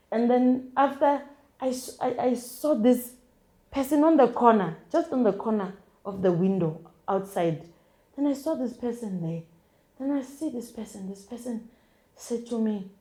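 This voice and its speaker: A young woman with a South African accent tells her own story as an interview guest. Her voice sits a little high but sounds mellow. She speaks haltingly and keeps restarting and repeating words. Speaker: guest sharing a personal testimony. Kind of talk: emotional first-person storytelling.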